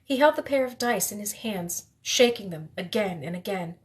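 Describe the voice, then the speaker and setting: A woman reading a novel aloud in the first person, steady, with the odd slip she corrects. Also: medium pitch, normal speed. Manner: steady reading with occasional slips and self-corrections. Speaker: reader.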